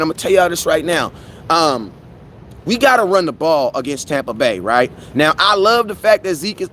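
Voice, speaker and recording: A young man hosting a live fan show, talking sports in a slangy, animated, preaching way with lots of repetition. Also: high-pitched, slight background noise. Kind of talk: casual live-stream sports talk.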